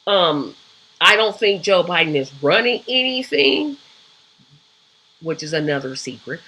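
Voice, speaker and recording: A woman's voice: fairly low pitch, expressive, unhurried, sharp tone, slightly rough, poor audio. A woman hosting a live show, giving casual, opinionated political commentary with frequent ums and rhetorical asides.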